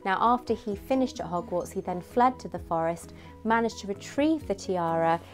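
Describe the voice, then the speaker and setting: A young woman chatting casually and gushing as she reviews a replica tiara, giggly and animated. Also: mid-range voice, moderate pace, soft background music. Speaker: vlogger reviewing a prop replica. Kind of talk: casual product review chat.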